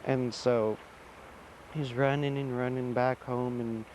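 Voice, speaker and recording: A man's voice: mid-range voice, flat delivery, slow pace, darkish tone, a little hiss or hum, poor audio. A man from Alaska telling a traditional folk tale in a loose, repetitive, conversational way. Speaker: storyteller.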